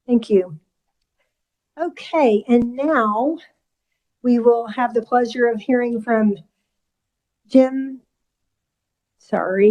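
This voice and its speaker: A woman chairing a legislative committee hearing, a little out of breath, brisk and friendly as she runs the agenda. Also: a little high, a little mellow, low-quality recording.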